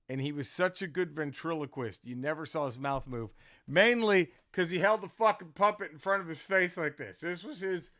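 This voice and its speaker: A man's voice: fairly high pitch, fairly bright tone, no echo, clean studio sound. A man, a comedian, telling a story casually in a rambling, profane way, with many restarts.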